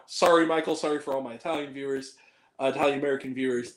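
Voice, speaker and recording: A man's voice: medium pitch, steady tone, racing. A man hosting a casual movie review show, rambling and profane, full of fillers. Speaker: film review show host. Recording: echoey room.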